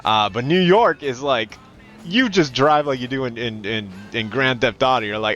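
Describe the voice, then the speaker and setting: A man from California chatting casually and swearing freely while streaming a game, now and then slipping into loud mocking voices. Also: medium pitch, normal speed, dull audio, soft background music. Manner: animated, profane, slips into loud mocking voices. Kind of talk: casual gaming commentary.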